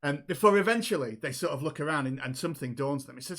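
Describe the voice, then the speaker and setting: A man's voice: a little high, animated, fast, hardly any pauses, fairly bright tone. A man running a tabletop game as game master, narrating with hesitant restarts. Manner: hesitant, many fillers and restarts.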